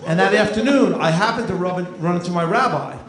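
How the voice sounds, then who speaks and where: A man in his fifties from New Jersey performs a stand-up set on a club stage, his delivery dry and self-deprecating. His voice is high-pitched and a bit bright, and he talks fast. The room is echoey, with audience noise audible.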